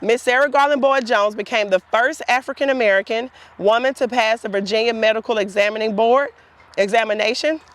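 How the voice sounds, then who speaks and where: A woman's voice: fairly high pitch, brisk. Woman tour guide, outdoors, earnest and heartfelt, talks straight to the group. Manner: earnest, heartfelt storytelling addressing the group directly. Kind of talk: guided tour talk to volunteers. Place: outdoors in a cemetery.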